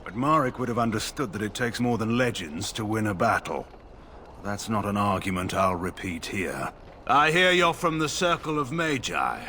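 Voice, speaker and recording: Cool, proud game lord. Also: male voice, lowish voice, expressive, moderate pace, bright, forceful tone, slight background noise. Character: proud, scheming male nobleman in a game.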